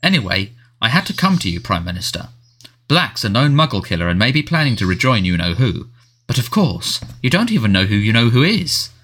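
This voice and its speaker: A man's voice: medium pitch, very animated, a bit bright, husky. A man doing a flustered, blustering wizard official. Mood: brisk, fussy. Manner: blustering, brisk and dismissive. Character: flustered middle-aged male wizard official.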